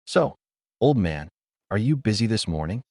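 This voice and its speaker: A man's voice: lowish voice, big pitch swings, moderate pace, darkish tone, dry recording, studio quality. A man voicing a young male ninja who is polite but mocking. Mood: teasing.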